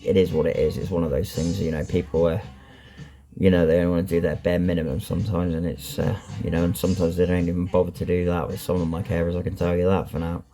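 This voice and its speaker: Blunt guy vlogging, dark low voice, lots of ums and you knows. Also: little pitch movement, fast talker. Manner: blunt and frank, swears. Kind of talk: candid personal vlog.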